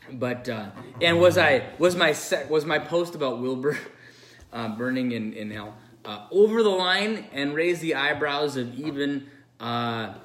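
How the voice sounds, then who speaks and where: A man's voice: medium pitch, a bit bright, slight background noise. Male pastor, earnest and rambling, unscripted address recorded in an echoey room. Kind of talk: unscripted video message.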